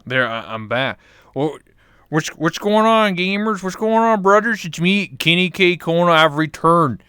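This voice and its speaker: A man voicing a loud, boisterous hillbilly man with a put-on Southern drawl who keeps calling everyone brother. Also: high-pitched, animated, measured pace, clean tone, no echo, voice pushed up, exaggerated voice. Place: VR chat room.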